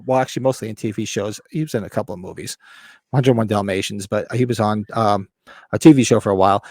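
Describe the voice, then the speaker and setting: A man's voice: medium pitch, darkish tone, no echo, clean studio sound. A man co-hosting a podcast, chatting casually, rambling and restarting, with some swearing. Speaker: podcast co-host. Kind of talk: casual chat.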